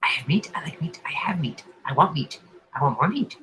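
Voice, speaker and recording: A man's voice: a little high, lively intonation, a little fast, sharp tone, a little hiss or hum, rough recording. A man voicing a crazed, hungry creature that speaks into people's minds, muttering and repeating itself in a half-whispered, sporadic way. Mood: whispery.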